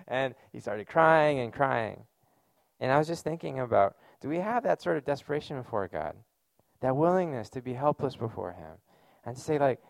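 A man's voice: medium pitch, big pitch swings, normal speed, gravelly, no echo. A man giving a sermon as a pastor, speaking in a conversational, earnest way with casual fillers.

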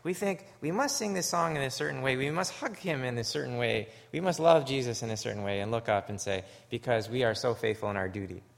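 A man from Canada preaching a sermon, earnest and story-driven, swinging from hushed, low moments to loud, emphatic ones. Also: lively intonation, a little fast, creaky, few pauses. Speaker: pastor.

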